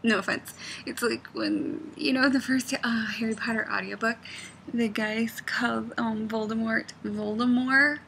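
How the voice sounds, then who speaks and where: Bright-voiced rambling woman. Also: fairly high pitch, little pitch movement, measured pace, creaky, slight background noise. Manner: rambling, digressive, drops to a near-whisper. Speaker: knitting pattern designer. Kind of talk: casual vlog chat.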